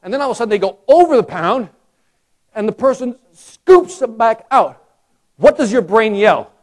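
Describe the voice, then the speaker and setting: A man giving a lively sales training talk to a live audience, acting out customer voices and joking with the crowd. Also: high-pitched, moderate pace. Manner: animated, acts out customer voices, jokes with the crowd. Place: conference hall.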